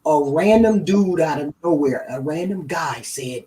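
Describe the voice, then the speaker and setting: A middle-aged woman co-hosting a podcast, retelling a family story in a casual, animated way and often asking "right?". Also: deep voice, measured pace, hardly any pauses, recorded from a distance, poor audio. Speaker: podcast co-host.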